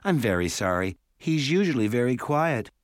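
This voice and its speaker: A man voicing a brisk hospital nurse who talks bluntly. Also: mid-range voice, big pitch swings, no echo, clean studio sound, natural voice. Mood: apologetic.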